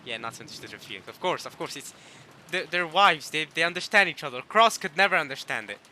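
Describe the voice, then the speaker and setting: A man's voice: a little high, quick pace, low-quality recording. A man giving casual, joking commentary while playing a visual novel, often repeating and correcting himself. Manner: animated, joking, self-interrupting. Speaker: video game streamer. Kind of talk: casual let's-play commentary.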